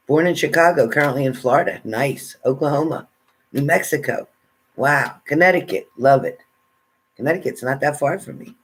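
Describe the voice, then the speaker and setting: A relaxed man talks his way through a live stream. He greets viewers and reads their comments aloud in a casual, chatty way. His voice sits at an ordinary middle pitch. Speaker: tarot reader greeting live chat.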